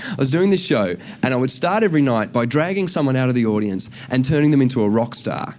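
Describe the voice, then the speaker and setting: An Australian man doing stand-up, telling a story and acting out the people in it, shouting the punchlines. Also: medium pitch, lively intonation, quick pace. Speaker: stand-up comedian. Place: live comedy venue with an audience.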